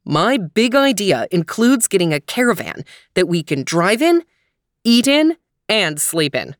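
A woman's voice: medium pitch, sing-song, unhurried, dry recording, clean studio sound. A woman reading as an eager dad with big plans. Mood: enthusiastic. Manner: upbeat, persuasive. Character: cheerful scheming dad full of big ideas.

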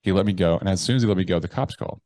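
Blunt, profane man with a low voice. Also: warm tone, no echo. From United States. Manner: blunt and profane, with slangy address; halting, with frequent restarts. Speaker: podcast guest. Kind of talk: personal storytelling in conversation.

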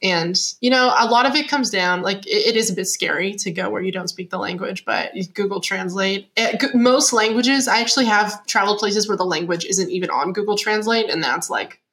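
A woman's voice: mid-range voice, fairly quick, hardly any pauses, a bit bright. A young adult woman, a guest on an interview show, chatting casually with lots of fillers and frequent laughter. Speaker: podcast guest, digital nomad writer.

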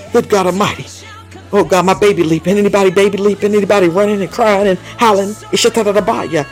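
A man's voice: sits high, fairly even intonation, quick pace, soft background music. A man preaching an emotional sermon, exhorting his listeners, laughing often and breaking into tongues between lines. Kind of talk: fiery sermon.

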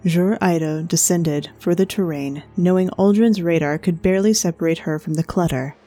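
A woman narrates a story in a measured, even manner. Her voice is low and mellow. Faint music plays under her.

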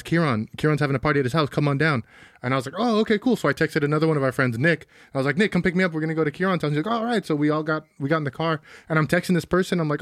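Young male podcast co-host, quick and a bit high, dry close mic, animated storyteller. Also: no echo. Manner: animated storyteller, acts out quoted dialogue. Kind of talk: casual chat. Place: small studio.

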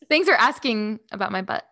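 A woman's voice: medium pitch, sharp tone, no echo. A woman co-hosting a podcast in casual chat, rambling and giggly with lots of fillers. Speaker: podcast co-host.

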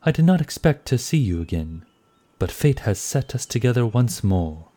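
A man's voice: mid-range voice, very animated, moderate pace, warm tone, pitched above the performer's own voice. A man voicing a stern, unbending male warden in an audiobook, giving firm commands.

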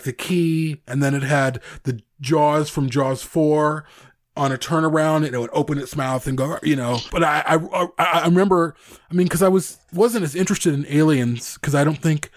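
A man's voice: on the high side, no echo, studio quality. A man co-hosting a casual podcast, chatting and reading listener stories aloud. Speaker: podcast co-host. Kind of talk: casual fan podcast chat.

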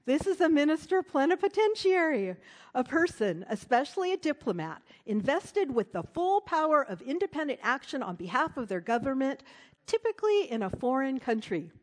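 A middle-aged woman preaching, telling a personal story in an earnest way that drops to a soft hush at tender moments. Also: high-pitched, very animated, moderate pace. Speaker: speaker at a church service. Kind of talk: storytelling sermon.

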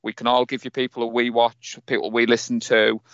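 A man's voice: medium pitch, level tone, fairly quick, fairly bright tone, smooth, no room sound, lo-fi sound. A man with a Teesside accent co-hosting a casual sports chat, talking in a joking, self-mocking way. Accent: Teesside English. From North East England. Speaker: podcast co-host.

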